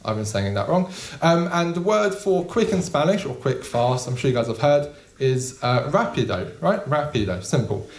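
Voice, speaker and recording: Deadpan young stand-up comic. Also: male voice, on the high side, moderate pace, hardly any pauses. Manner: deadpan, casual, with filler ums. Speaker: stand-up comedian. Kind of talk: stand-up comedy set. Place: small comedy club with live audience. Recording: echoey room.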